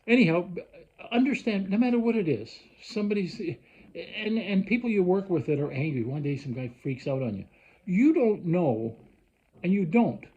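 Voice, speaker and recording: Husky man ranting. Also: on the high side, dark tone, dull audio. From Canada. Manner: worked-up, rambling, frequent restarts. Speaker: vlogger. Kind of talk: rambling casual rant.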